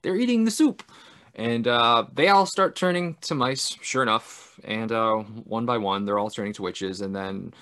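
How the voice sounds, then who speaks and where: A man in casual podcast chat, retelling a film's plot with frequent laughs and quick character impressions. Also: fairly low pitch, sharp tone, smooth. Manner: chatty, laughs often, mimics characters in big voices. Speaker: podcast co-host. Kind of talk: casual film recap chat.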